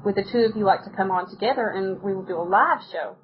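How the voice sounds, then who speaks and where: An American woman appears as a podcast guest, telling stories in a casual, chatty interview and laughing often. Her medium-pitched voice moves fast, and the audio is dull with slight background noise.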